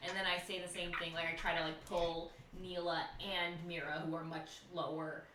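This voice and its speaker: A woman playing a tabletop game, animated and laughing, with a loud, projecting voice. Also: on the low side, normal speed, echoey room, recorded from a distance, noisy background. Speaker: player.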